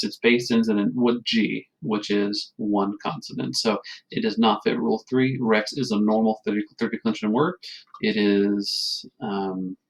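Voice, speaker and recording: A man's voice: lowish voice, rough recording. A man teaching a recorded lesson, explaining grammar rules patiently and checking in with frequent questions. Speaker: Latin teacher. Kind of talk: recorded classroom lecture.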